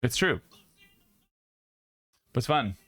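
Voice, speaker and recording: A man's voice: mid-range voice, sing-song, slow pace, a bit bright, breathy edge, dry recording. A young man streaming live, chatting casually with his viewers and joking and laughing a lot.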